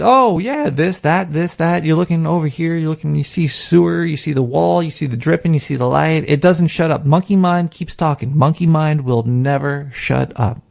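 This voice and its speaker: A man's voice: a little high, creaky. A man hosting a podcast, rambling casually and profanely about meditation and self-hypnosis, with a studio microphone. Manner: rambling, profane, animated, mimics inner voice. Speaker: podcast host.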